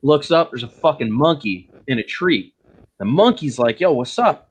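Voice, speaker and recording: A man in an online voice chat, spinning a crude joke with swearing. His pitch sits mid-range, and the delivery is loose and casual. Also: lively intonation, moderate pace, husky. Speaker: chat participant telling a joke.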